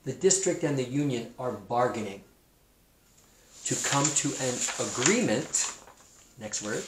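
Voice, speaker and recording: A man with a Pacific Northwest American accent teaching a kindergarten-level lesson, slowly repeating new words so young children will remember them. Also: mid-range voice, animated, echoey room, background noise.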